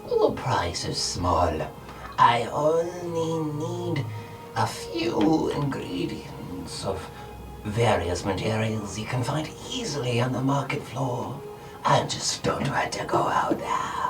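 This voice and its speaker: A man voicing a small, slimy creature shopkeeper with a raspy, wet, guttural voice, speaking slowly in a half whisper. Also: mid-range voice, very animated, voice pushed up. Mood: secretive. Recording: distant mic with music behind.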